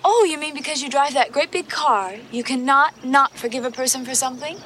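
An actress playing a carefree young heiress in a 1920s period film, talking in a bright, playful, lilting way. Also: female voice, sits high, fairly quick, a little hiss or hum.

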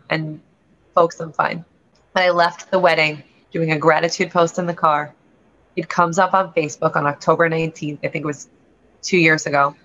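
A woman's voice: low-pitched, a bit bright. A woman, a realtor and guest on a show, telling a candid personal story in an earnest, rambling way with frequent restarts. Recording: lo-fi dull sound.

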